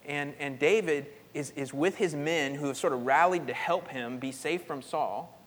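A male pastor preaching in a lively, casual storytelling style, dropping in "like" as he goes. His voice sits a little high for a man. A long hall reverb trails behind every phrase. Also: moderate pace. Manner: animated storytelling, casual with frequent "like". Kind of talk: sermon.

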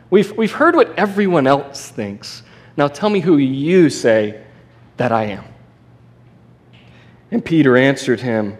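A man preaching a sermon in a conversational, animated way, with restarts and asides. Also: on the high side, measured pace, pauses often. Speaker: pastor.

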